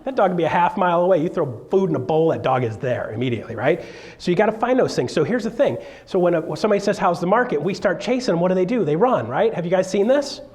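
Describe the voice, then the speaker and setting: A middle-aged man speaking to a live audience as a real estate speaker, with a fairly high voice for a man. He tells a story in an animated, joking way, slipping into little voices for the people in it. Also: quick pace.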